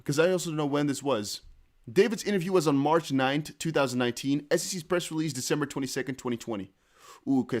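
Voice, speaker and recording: A man hosting a casual live crypto news stream, excitably thinking aloud as he reads viewer chat and posts. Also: mid-range voice. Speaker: crypto news livestream host.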